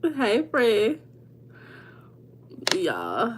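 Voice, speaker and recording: A woman hosting a casual livestream. She chats with viewers by name, laughs often and slips into a relaxed teaching talk. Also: on the low side, slow pace, pauses often, a little hiss or hum. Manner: chatty, reads out viewers' names and answers them. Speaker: livestream host. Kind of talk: informal teaching on mindset.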